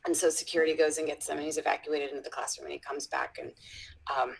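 A woman educator, a guest in a conversational interview, telling a story with frequent restarts and dropping into soft whispers when she quotes someone. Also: sits low, fairly even intonation, quick pace, gravelly, breathy edge, poor audio.

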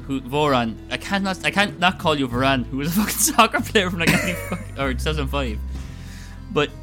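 A man's voice: on the high side, animated, fairly quick, music in the background. A man playing a tabletop game, joking and swearing in a casual, self-mocking way. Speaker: player.

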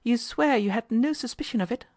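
A woman reader voices a bold, determined young American woman from an old storybook, grilling a suspect with cool, relentless questions. Her voice sits a bit above a plain reading voice, with a firm, commanding edge and a pressing mood. The pace is fairly quick, the tone a little mellow, the acting light.

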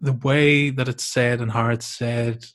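A man chatting casually, jumping in eagerly and getting excited about the topic. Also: medium pitch, a little slow. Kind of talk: casual chat.

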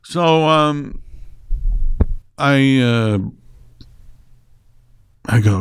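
A middle-aged man telling a personal story as a guest, emotional and animated, swearing and tripping over his words. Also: a little slow, a little hiss or hum. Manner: animated and emotional, swings high when excited. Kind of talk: casual storytelling.

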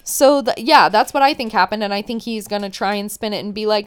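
A woman's voice: mid-range voice, a little fast, few pauses, smooth. A young woman hosting a podcast, chatting casually and opinionatedly as she recaps a show. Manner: chatty, opinionated, many "like" fillers.

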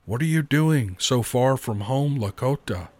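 A man's voice: mid-range voice, expressive, unhurried, darkish tone, no echo. Sardonic raven messenger, male, impatient and mocking, done by a man reading the story. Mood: chiding.

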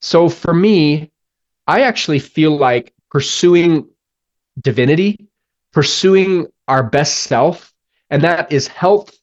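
A man's voice: on the high side, expressive, slow pace, lo-fi sound. A man speaking as a guest on a podcast interview, earnest and reflective, telling a personal story with frequent restarts. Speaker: guest musician.

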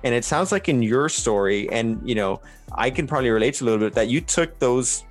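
A man hosting a casual interview, talking in a rambling, animated way with many fillers and restarts. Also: medium pitch, a little fast, soft background music. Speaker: podcast host.

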